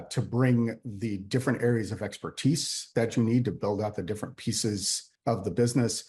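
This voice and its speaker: Interview guest: a man with a lowish voice, a CEO explaining his views earnestly, lots of fillers. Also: a little mellow. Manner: earnest, emphatic, with frequent fillers. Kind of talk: conversational interview answers.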